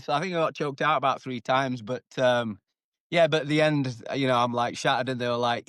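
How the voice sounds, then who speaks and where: Mid-range and a little fast, this former MMA fighter from the United Kingdom tells profane, lively stories as an interview guest, acting out the shouting and cursing freely. His tone is clean, and the recording is dry and close like a podcast.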